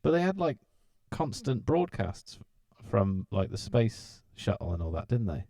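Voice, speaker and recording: A British man co-hosting a casual podcast, his voice sitting a little low. He jokes and teases his friends, recorded close and dry. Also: sing-song, measured pace, warm tone, dry recording. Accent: British English. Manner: joking, laughs often, teasing. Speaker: podcast co-host. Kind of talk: casual chat.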